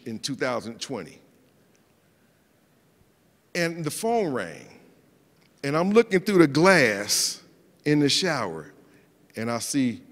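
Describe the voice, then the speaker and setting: A middle-aged man, a guest speaker, telling personal stories in an animated way, often repeating words and acting out the people he quotes. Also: mid-range voice. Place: event hall. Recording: long hall reverb.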